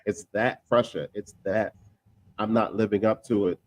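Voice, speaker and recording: A man talking casually in a discussion, emphatic and repeating himself, with quick asides. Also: fairly low pitch, steady tone, no room sound.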